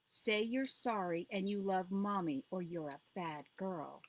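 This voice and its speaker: A woman's voice: medium pitch, lively intonation, measured pace. A woman reading a storybook aloud and voicing a cruel, abusive mother who snarls her lines. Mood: vicious. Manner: harsh, snarling and loud. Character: cruel drug-addicted mother, shrieking and abusive. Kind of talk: audiobook reading.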